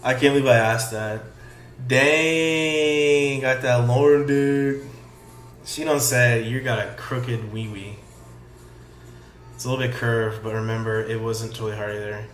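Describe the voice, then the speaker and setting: Sarcastic man, streamer commentary, reads chat lines flatly, echoey room, faint music behind. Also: lowish voice, moderate pace. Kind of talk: casual commentary, reading aloud.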